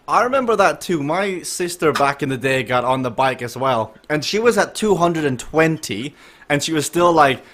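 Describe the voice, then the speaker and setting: A man with a slightly higher voice hosts a relaxed live stream of a group bike ride. He jokes, laughs easily and keeps throwing questions at the riders. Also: normal speed. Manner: joking, laughs often, asks questions. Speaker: host of a virtual cycling group ride stream. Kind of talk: casual live-stream commentary.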